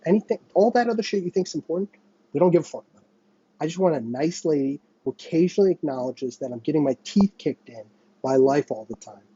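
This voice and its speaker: A man's voice: a little high, dark tone, slightly rough, highs cut off. A young man hosting a podcast, venting in a profane monologue and mocking other people by quoting them. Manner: vents with heavy profanity and mocking quoted voices. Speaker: podcast host. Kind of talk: ranting monologue.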